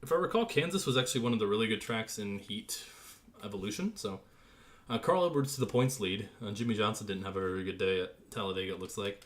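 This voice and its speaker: A man's voice: fairly low pitch, fast talker. Man calling a racing game live. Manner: excited play-by-play calls, then loose chatty asides. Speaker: gaming streamer.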